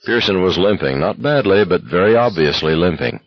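A man narrating an audiobook in a steady, measured reading. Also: low voice, no room sound, highs cut off. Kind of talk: scripted narration.

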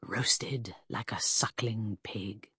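A menacing male bootmaker, as a woman reader puts him on, hissing his taunts in a low, breathy whisper. It is whispered role-play for a storybook, the voice dark and husky with very little room sound. He gloats over every word. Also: fairly quick, no room sound, studio quality, full character voice. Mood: gloating whisper.

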